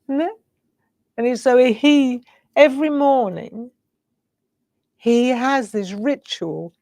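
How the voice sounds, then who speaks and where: Slow, tearful middle-aged woman. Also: fairly high pitch, a little mellow, no echo, studio quality. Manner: reflective, rambling, emotional. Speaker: craft show host. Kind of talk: casual live-stream chat.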